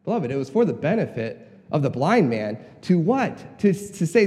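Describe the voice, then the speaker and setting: A man's voice: fairly high pitch, sing-song, normal speed, darkish tone. Earnest male preacher in a reverberant hall. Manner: earnest, repeats words, rises when stressing a point. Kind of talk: sermon.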